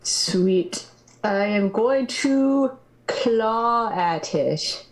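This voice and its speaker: Slow, relaxed woman at a tabletop game. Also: medium pitch. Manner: relaxed, counting rolls aloud. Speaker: player. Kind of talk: casual tabletop game play.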